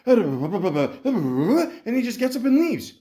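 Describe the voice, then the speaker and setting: A man's voice: mid-range voice, sing-song, a little fast. A man telling a story on his podcast in a casual, profane rant, full of stammered restarts and acted-out dialogue. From Canada. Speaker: podcast host.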